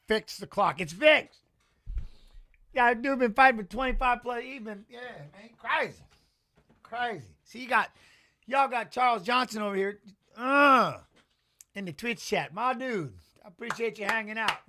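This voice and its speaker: Excitable high-voiced man hosting a watch-along. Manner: excitable, chatty, reads out chat messages. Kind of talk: casual live-stream commentary.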